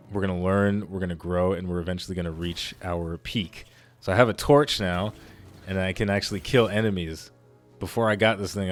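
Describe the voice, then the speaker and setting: A man hosting a let's play, giving casual, excitable gameplay commentary that rambles with frequent restarts. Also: deep voice.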